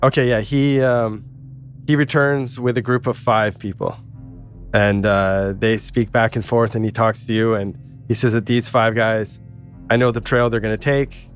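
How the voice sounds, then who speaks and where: A man's voice: lowish voice, steady tone, a little slow, soft background music. A man as game master narrating a tabletop game in a loose, rambling way.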